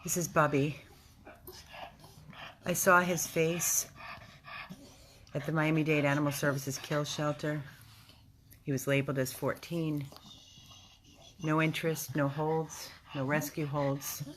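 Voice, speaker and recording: A woman dog rescue volunteer giving a casual video update from a rescue house, talking in an emotional, halting way with restarts. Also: deep voice, little pitch movement, slight background noise.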